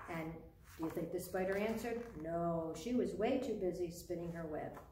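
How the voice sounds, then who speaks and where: A woman reading a picture book aloud for a children's storytime, expressive and asking her young listeners questions along the way. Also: fairly low pitch, normal speed. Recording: roomy sound from a distant mic.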